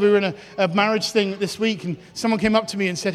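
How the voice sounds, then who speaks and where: High-voiced pastor preaching. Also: male voice, fairly even intonation, fast talker, few pauses. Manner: impassioned, repetitive preaching cadence. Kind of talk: sermon. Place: church hall. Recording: hall reverb with faint music.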